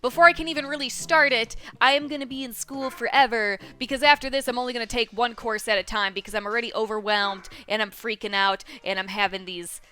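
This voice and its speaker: A woman's voice: a little high, steady tone, quick pace, few pauses, pushed and bright. A young woman chatting casually in a vlog, rambling and swearing freely and joking at her own expense. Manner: rambling, profane, self-deprecating. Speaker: vlogger.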